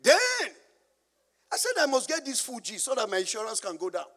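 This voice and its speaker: A male preacher with a Nigerian accent and a very high voice delivers a sermon that mixes call-and-response questions with funny personal stories. His voice rings out with a long reverb in a large church hall. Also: sing-song, brisk, fairly bright tone. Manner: call-and-response preaching, asking the congregation to finish his lines; storytelling with humor. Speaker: pastor.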